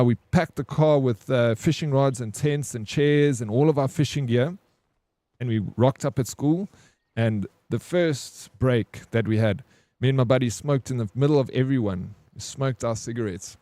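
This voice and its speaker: A man's voice: mid-range voice, moderate pace, mellow, dry recording. Laid-back man telling stories. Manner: laid-back, swears, says "bro". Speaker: streamer. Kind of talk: casual storytelling to stream chat.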